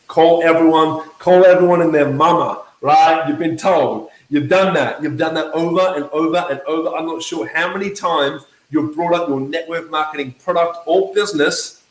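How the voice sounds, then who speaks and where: A man coaching network marketers in a motivational talk to camera, emphatic and lively, always checking in with his listeners. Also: fairly high pitch, roomy sound, low-quality recording. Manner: emphatic, keeps checking in with "okay?" and "right?"; lively, acts out quoted voices.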